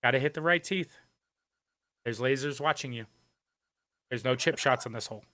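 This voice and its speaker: A man's voice: mid-range voice, normal speed, sharp tone. A young man co-hosting a podcast, talking in a loose, joking way with a lot of swearing and laughter. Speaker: podcast co-host. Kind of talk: casual chat.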